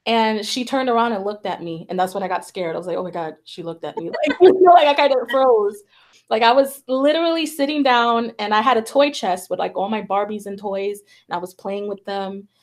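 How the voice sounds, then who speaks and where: A talk show host who is also a psychic medium tells a personal story in a fairly high, animated, darkish voice at a fairly quick pace. Her casual storytelling chat is full of fillers, especially "like" and "you know," and she acts out the quoted voices.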